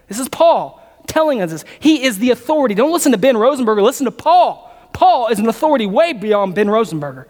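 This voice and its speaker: A man's voice: very high-pitched, sing-song, quick pace, darkish tone. A man preaching a sermon as pastor, repeating phrases, building emphasis and putting questions to his audience. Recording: long reverb of a large hall.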